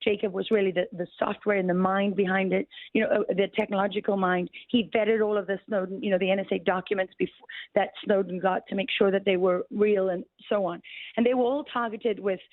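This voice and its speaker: A woman's voice: medium pitch, steady tone, a little fast, no echo, phone-quality sound. A woman appearing as a guest on a talk radio interview, explaining her points urgently and with emphasis. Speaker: guest journalist.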